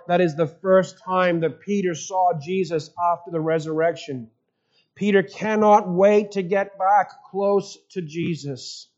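A man preaching a sermon, telling a story earnestly and often dropping to soft, low tones for emphasis. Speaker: pastor. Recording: dull, slightly lo-fi sound.

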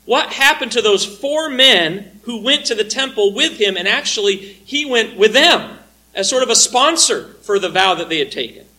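A man preaching an expository sermon, reading scripture aloud and explaining it with earnest, measured emphasis. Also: sits high, expressive, sharp tone, low-quality recording.

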